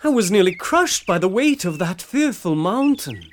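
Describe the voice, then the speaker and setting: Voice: mid-range voice, very animated, normal speed, slight background noise, close to an everyday voice. A performer voicing a humble, burdened male pilgrim who speaks earnestly in old-fashioned formal English in a radio drama. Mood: contrite.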